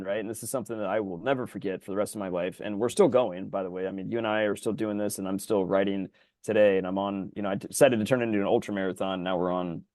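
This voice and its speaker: Fast-talking, excitable male podcast host. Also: no echo. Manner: rambling, animated storyteller full of fillers; voice jumps high when excited. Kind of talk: casual podcast chat.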